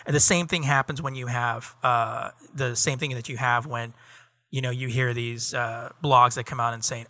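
A man's voice: mid-range voice, fairly even intonation, moderate pace, sharp tone, no echo, clean studio sound. A middle-aged man co-hosting a podcast, ranting in casual chat with lots of profanity and a stream of fillers. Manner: rambling, profane, heated ranting with many fillers. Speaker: podcast co-host.

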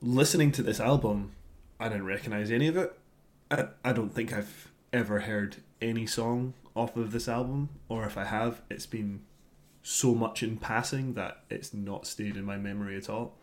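A man with a fairly low voice co-hosts a casual podcast chat. He grumbles through an album review in animated bursts and swears freely. He sounds like he is in his thirties. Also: normal speed. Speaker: podcast co-host.

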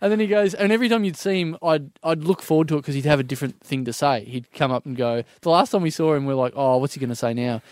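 A man's voice: a little high, quick pace, hardly any pauses, a little mellow, no echo, studio quality. An Australian man telling travel stories in casual chat, mimicking voices and laughing often.

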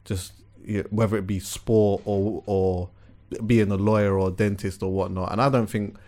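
A young man hosting a podcast, talking in a relaxed, reflective way with plenty of slang. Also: fairly low pitch, normal speed. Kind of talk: casual chat.

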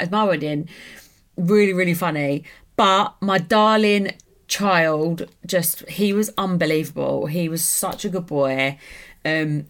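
Casual podcast host, young woman, rambling and gossipy, slightly low voice. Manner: chatty, gossipy, rambling with many fillers. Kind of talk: casual solo chat.

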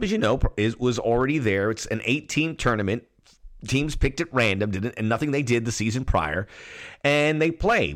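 A man's voice: mid-range voice, a bit bright. Chatty man hosting a soccer podcast. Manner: rambling, chatty, restarts often. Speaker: podcast host. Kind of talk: casual podcast chat and commentary.

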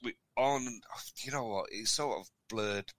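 Man, middle-aged, low voice, bright forceful tone, rambling storyteller, casual podcast chat. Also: unhurried, no echo. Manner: rambling, chuckling anecdote-teller. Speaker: podcast co-host.

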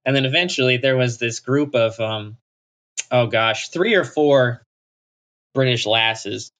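A man from Texas spins a self-mocking story as a podcast guest. His voice is bright and forceful, with a middle pitch. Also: unhurried. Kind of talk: casual chat.

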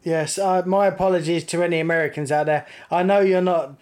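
A man's voice: a little high, steady tone, a little fast, a little mellow. An English man co-hosting a casual podcast, chatty and jokey, laughing often. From England. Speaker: podcast co-host. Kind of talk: casual chat.

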